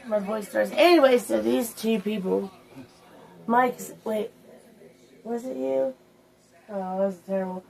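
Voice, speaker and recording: A woman's voice: on the high side, steady tone, normal speed, vocal fry, darkish tone, poor audio. A woman hosting a casual story time, telling crude, rambling stories among friends. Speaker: host.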